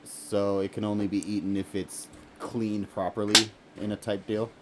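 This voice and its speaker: A man's voice: lowish voice, flat delivery, moderate pace, very noisy. A man co-hosting a podcast in casual chat, mostly chiming in with short, dry remarks. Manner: quiet, dry interjections. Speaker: podcast co-host.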